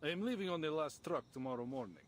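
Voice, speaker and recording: A man's voice: on the high side, expressive, fast talker, close to an everyday voice. A man voicing a friendly packing-up traveler. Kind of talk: game voice acting.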